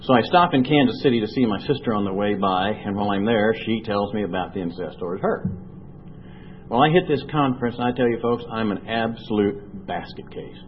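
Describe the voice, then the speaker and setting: A low-voiced man sharing his personal recovery story before a crowd in an earnest, storytelling way, slowing to let the hard parts land. The recording is dull and lo-fi, with a faint hiss underneath. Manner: earnest storytelling, slow and heavy at emotional points. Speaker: recovery speaker. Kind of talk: personal testimony talk.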